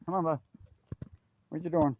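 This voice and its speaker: A man's voice: fairly high pitch, fairly even intonation, moderate pace, phone-quality sound. A man vlogging casually while walking his dog along a river trail, chatting and calling to the dog. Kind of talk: casual outdoor walk-and-talk. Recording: faint outdoor noise.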